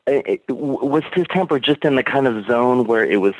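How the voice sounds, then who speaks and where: A man's voice: medium pitch, normal speed, no echo, low-quality recording. A man calling in to a podcast, chatty and eager, asking long questions full of fillers. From Alexandria, Virginia, USA. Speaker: caller. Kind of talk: casual call-in chat.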